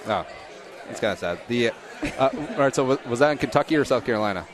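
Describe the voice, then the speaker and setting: A middle-aged man hosting a podcast, chatting casually and cracking quick jokes. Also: medium pitch, lively intonation, crowd noise. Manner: joking, quick asides. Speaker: podcast host. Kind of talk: casual chat.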